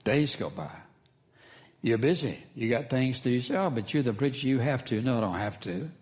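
A man's voice: medium pitch, sing-song, a little fast, darkish tone. A man as pastor, preaching a sermon, calling for responses from the congregation and repeating key phrases for emphasis.

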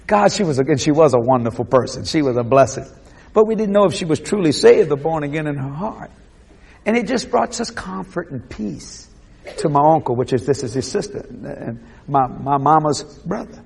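A Cajun man preaching, telling a story animatedly, shouting out the voices he quotes and laughing often. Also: on the high side, expressive, fairly quick, vocal fry, husky. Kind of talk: sermon storytelling.

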